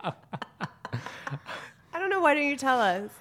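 A woman co-hosting a podcast in casual chat, playful and quick to giggle. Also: high voice, sing-song, fairly bright tone. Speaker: podcast co-host.

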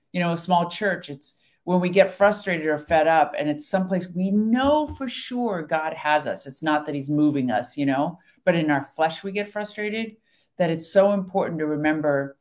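A woman's voice: lowish voice, expressive, moderate pace, a little mellow. A woman in casual conversation about faith and marriage, earnest and encouraging, thinking aloud as she goes.

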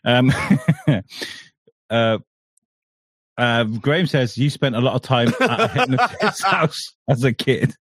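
A man's voice: mid-range voice, expressive, takes it slowly, fairly bright tone, no echo, studio quality. An English man hosting a podcast, joking and swearing in casual banter. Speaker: podcast host.

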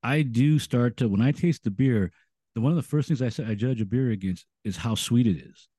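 A man's voice: mid-range voice, a little fast, mellow, no room sound, clean studio sound. A man co-hosting a casual beer podcast, hesitant and often searching for the right word. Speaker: podcast co-host. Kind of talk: casual chat.

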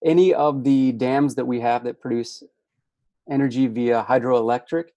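A man's voice: mid-range voice, steady tone, normal speed, warm tone, no echo, lo-fi sound. A man with a Midwestern accent, a podcast guest and hydrologist, rambling through playful explanations. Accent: Midwestern American. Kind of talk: casual podcast chat.

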